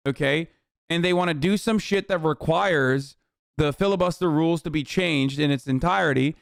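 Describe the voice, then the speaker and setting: A man's voice: on the high side, clear, resonant tone, dry recording, clean studio sound. Profane ranting streamer man. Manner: profane, exasperated ranting with filler words. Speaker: streamer reacting to news clips. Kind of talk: live-stream reaction rant.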